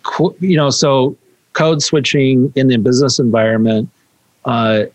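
A man hosting a conversational interview, probing and animated when he makes a point. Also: mid-range voice, unhurried, dry recording, low-quality recording.

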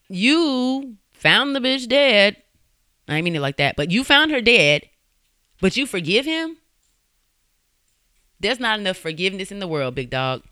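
A woman's voice: fairly low pitch, pushed and bright, clean tone, dry recording, clean studio sound. A woman hosting a true-crime podcast, talking casually in a fiery, blunt, profane way with laughing asides. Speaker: podcast host.

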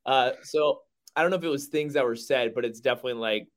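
A man chatting casually about fatherhood, easygoing and quick to laugh as he tells stories. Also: mid-range voice, steady tone. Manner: laughs often, easygoing storytelling. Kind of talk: casual chat.

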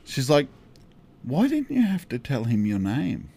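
A man's voice: mid-range voice, measured pace, creaky, husky. A man in his thirties, a podcast co-host telling a story in casual chat, acting out the dialogue with laughs. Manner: animated, acts out dialogue with laughs.

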